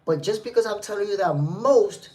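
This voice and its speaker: A man's voice: high-pitched, moderate pace, a little mellow. A man from New City, hosting a live stream and giving casual commentary while reading the chat, emphatic and repetitive. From New York City. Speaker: livestream host.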